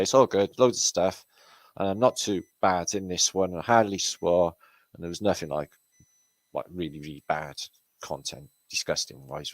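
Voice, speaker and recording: On his own channel's live stream, a low-pitched British man chats casually with viewers, addressing them by name and swearing freely. The audio has no echo.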